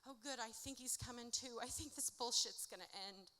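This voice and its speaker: A woman performing her own spoken word poetry live on stage, delivering rhyming lines with a strong rhythm that swings between loud and hushed. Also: a little high, normal speed. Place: theatre stage. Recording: long theatre reverb.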